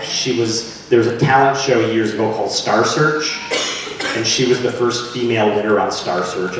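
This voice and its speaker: A man chatting as an interviewed actor, lively and laughing, often restarting his sentences. His voice is of middle pitch and sounds distant from the mic. The room is very echoey. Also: background noise. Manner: animated, laughing storyteller with many restarts. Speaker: actor and guest. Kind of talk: casual chat.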